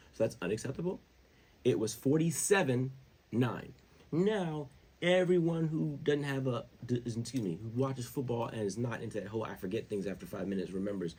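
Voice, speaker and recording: A male show host giving casual sports commentary, animated and repeating words for emphasis. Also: medium pitch, breathy edge.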